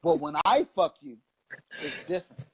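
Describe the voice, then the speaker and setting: Co-hosting a laid-back political chat show, this thirtysomething man from Long Beach, California rambles and preaches with passion and profanity. His voice is a little high and sing-song at normal speed, over a noisy background.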